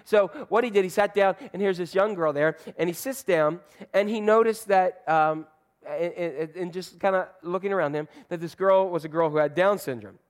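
A man's voice: high voice, normal speed. A man preaching a sermon, telling a story in a loose, chatty way with fillers and restarts. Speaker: pastor.

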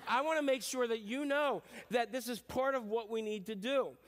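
A man's voice: extremely high pitch, normal speed. A middle-aged man preaching a conversational sermon as a pastor, telling stories in a chatty, self-deprecating way with many fillers.

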